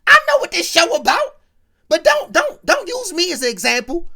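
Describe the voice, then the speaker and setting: A woman acts out an indignant sitcom father in a loud, scolding voice that climbs high and bright. He is fed up and lets his son hear it. The voice carries a gravelly edge. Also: sing-song, slow, exaggerated voice.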